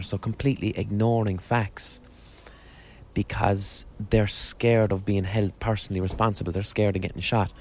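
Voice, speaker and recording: A man's voice: lowish voice, flat delivery, normal speed, slight background noise. A man hosting a podcast outdoors on a street corner, talking in a rambling, sweary monologue with frequent restarts. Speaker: podcast host. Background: faint street ambience.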